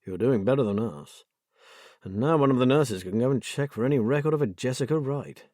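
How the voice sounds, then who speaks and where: A man's voice: medium pitch, brisk, dark tone, no echo, clean studio sound, close to an everyday voice. A man voicing an obliging male hospital doctor who talks plainly.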